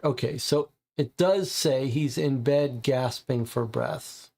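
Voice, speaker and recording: A man's voice: mid-range voice, takes it slowly, gravelly, few pauses, dark tone. A man playing a co-op mystery game, casually talking through the clues and sounding puzzled and frustrated. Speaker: co-op game player. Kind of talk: casual live-play chat.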